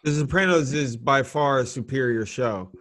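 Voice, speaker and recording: A man's voice: mid-range voice, normal speed, a bit bright. A man chatting emphatically over a video call, swearing and repeating himself as he argues his point.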